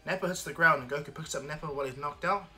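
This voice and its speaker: A man's voice: on the high side, rapid-fire, sharp tone, soft background music. A man casually telling a homemade fan story, rambling with many restarts and fillers. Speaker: fan storyteller, channel host.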